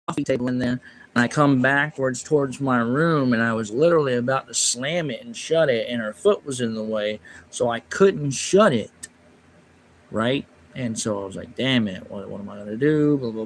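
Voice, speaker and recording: Speaking at normal speed in a mid-range voice with slight background noise, a man tells a long, rambling personal story on a livestream via phone or desk mic. He's quiet during the story and sharper and louder when reacting to his chat.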